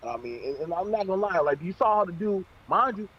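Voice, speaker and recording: A man's voice: high-pitched, expressive, quick pace, breathy edge. A man hosting a heated panel talk, blunt and profane. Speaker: show host. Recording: dull lo-fi audio.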